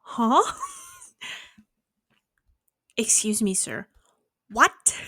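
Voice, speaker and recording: A woman's voice: normal speed, long pauses, no room sound, clean studio sound. A young woman in her bedroom telling a casual storytime vlog to camera, swearing freely and acting out what people said with sudden jumps in her voice. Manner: animated, swearing, acting out quotes with big pitch jumps. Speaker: vlogger.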